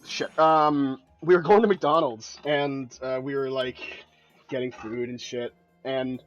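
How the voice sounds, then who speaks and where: A man's voice: medium pitch, fairly even intonation, slow pace. A young man co-hosting a stream, chatting casually, laughing and telling a story with impressions. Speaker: stream co-host. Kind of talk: casual gaming chat. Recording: dull lo-fi stream audio with faint music.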